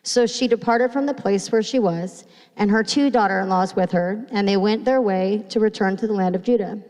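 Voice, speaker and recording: A woman pastor giving a sermon in a church, reading scripture slowly and retelling it, sounding nervous and restarting phrases. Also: mid-range voice, darkish tone. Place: church sanctuary. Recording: long hall reverb.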